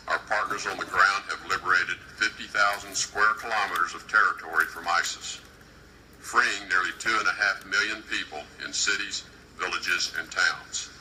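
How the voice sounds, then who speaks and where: A man, a government official, delivering a formal prepared speech at a conference podium in a measured, deliberate and emphatic way. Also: low-pitched, pushed and bright, slight background noise, poor audio.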